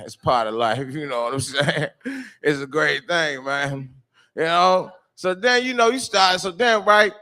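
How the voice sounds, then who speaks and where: Bright-voiced rambling stand-up comic man. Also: fairly high pitch. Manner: loose rambling storytelling, frequent swearing and filler, bursts into shouted quotes. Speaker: stand-up comedian. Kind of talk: stand-up comedy set. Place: live comedy show venue.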